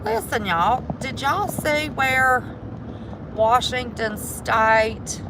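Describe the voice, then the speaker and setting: Slow-talking West Virginian woman. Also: a little high, expressive, noisy background. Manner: chatty, folksy, addresses viewers as y'all. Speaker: vlogger. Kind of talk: casual livestream commentary. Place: inside a car driving mountain roads. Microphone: handheld phone while driving.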